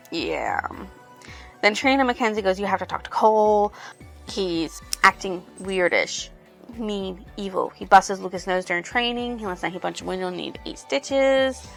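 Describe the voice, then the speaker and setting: A woman's voice: mid-range voice, moderate pace, creaky. Female book reviewer, mid-range voice, chatty rambling recap, faint music underneath. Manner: rambling retelling with many "she's like" quotes. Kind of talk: casual plot recap.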